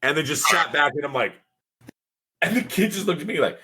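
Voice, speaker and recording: A man's voice: a little high, brisk, breathy edge. A middle-aged man, a teacher and football coach, telling jokey stories in casual podcast chat. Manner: animated storyteller, jokey.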